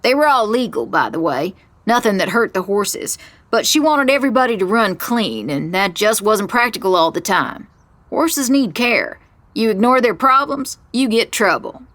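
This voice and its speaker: A woman voicing a gruff, curt middle-aged male stable manager with a central Kentucky accent, in a one-reader audio drama. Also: medium pitch, sing-song, moderate pace, a bit bright, no echo. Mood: irritated. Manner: curt, irritated.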